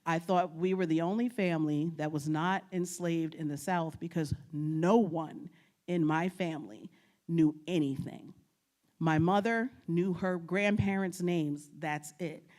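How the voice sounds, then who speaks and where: A woman from New York giving a storytelling presentation as a guest speaker, animated and often laughing as she acts out her family's words. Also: on the low side, measured pace. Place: lecture at a state archives building.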